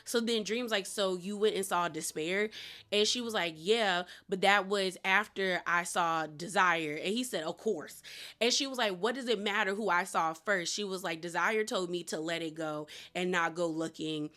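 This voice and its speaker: A woman's voice: fairly low pitch, sharp tone. Chatty woman recapping a TV episode. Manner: chatty and slangy, quick asides and laughs. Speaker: TV show reviewer.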